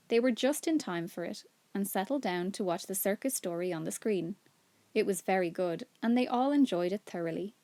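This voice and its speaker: Casting: a teacher narrating a children's book for her class, steady and clear. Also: mid-range voice, normal speed, no echo. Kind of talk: reading a children's book aloud.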